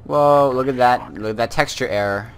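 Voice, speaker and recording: A man's voice: mid-range voice, moderate pace. A man giving casual let's play commentary on a war game, full of chatty, rambling asides.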